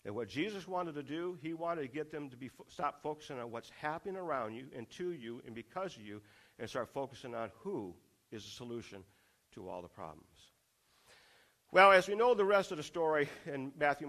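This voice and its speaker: A man's voice: mid-range voice, lively intonation, fairly quick, fairly bright tone. A man preaching a sermon, asking the congregation rhetorical questions and driving points home through repetition.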